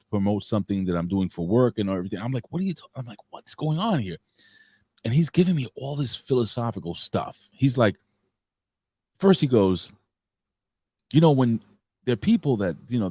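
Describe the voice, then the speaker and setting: A man's voice: on the low side, a little mellow, no room sound. A man, co-hosting a casual podcast and telling a rambling, profane story. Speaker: co-host.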